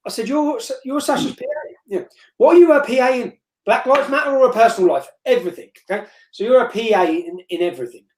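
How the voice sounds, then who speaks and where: A man telling a story as an interview guest on a live stream, blunt and forceful, repeating himself and tagging lines with "yeah?". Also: extremely high pitch, lively intonation, quick pace. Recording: roomy echo.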